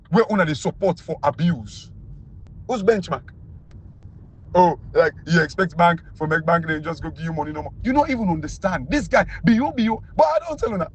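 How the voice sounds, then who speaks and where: A Sierra Leonean man speaking in Krio-accented English, giving a mocking, emphatic political rant that keeps jumping high when he is incredulous. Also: husky. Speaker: political commentator.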